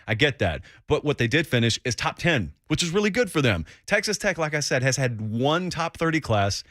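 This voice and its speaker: A man guesting as a college football analyst on a sports radio show, telling stories in an animated way and mimicking his critics. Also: mid-range voice, a little fast, hardly any pauses, no room sound, clean studio sound. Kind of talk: casual sports radio talk.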